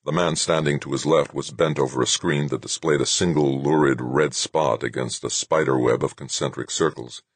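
A man narrating an audiobook in a measured storytelling manner. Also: extremely low pitch, steady tone, breathy edge, no echo.

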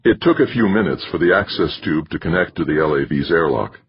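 A man narrating an audiobook in a steady, measured reading. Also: a bass voice, slightly rough. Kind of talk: scripted narration. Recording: dry, slightly muffled recording.

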